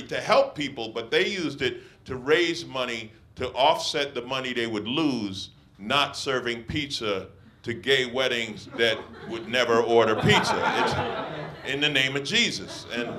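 A man doing a stand-up comedy set at a small beach house venue, mocking and profane, riffing with the crowd. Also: mid-range voice. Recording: live crowd audible. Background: audience laughter.

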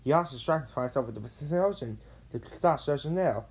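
A woman doing a brisk male commander. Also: a bass voice, expressive, darkish tone, breathy edge, heavily acted.

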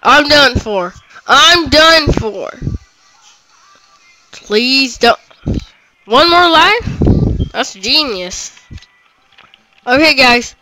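Guy with a really high bright voice doing let's play commentary, gets worked up and yells at the game. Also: very slow, long pauses, no echo, soft background music, poor audio. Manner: excitable, groans and yells at the game. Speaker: gamer.

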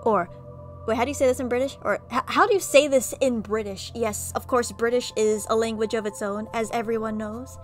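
A woman's voice: fairly high pitch, a little fast, faint music behind. A woman gaming YouTuber reading an interactive horror story aloud, breaking off into chatty, self-mocking asides.

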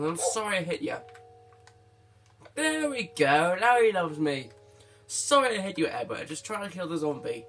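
A young-sounding man narrates his own let's play in a bright, high voice that swings widely in pitch. He talks chattily to his audience and his pet, breaking into excited exclamations. Soft music plays faintly behind him. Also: moderate pace, long pauses. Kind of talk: gaming commentary.

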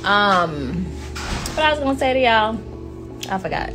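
A woman's voice: mid-range voice, animated, unhurried, over music. A woman with a Jamaican accent chatting casually to viewers, blunt, outspoken and playful. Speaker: vlogger talking to viewers. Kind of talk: casual chat.

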